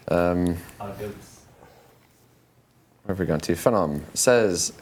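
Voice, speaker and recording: A man hosting a casual live-stream Q&A, reading out viewer questions in a chatty, joking way. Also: sits low. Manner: chatty, jokey, reads questions aloud.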